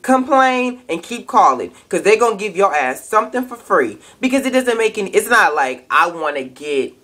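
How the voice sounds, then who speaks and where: A woman's voice: mid-range voice, very animated, normal speed, a bit bright. A young woman, ranting angrily and profanely in a casual webcam vlog. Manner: angry, profane, emphatic ranting. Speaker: vlogger.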